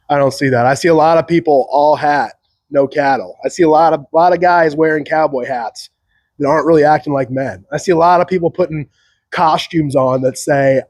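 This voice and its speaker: A man's voice: fairly high pitch, brisk, darkish tone, no echo. A man hosting a solo opinion show, rambling sarcastically with frequent chuckles. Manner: sarcastic, chuckling, mocks others in put-on voices. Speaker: podcast host.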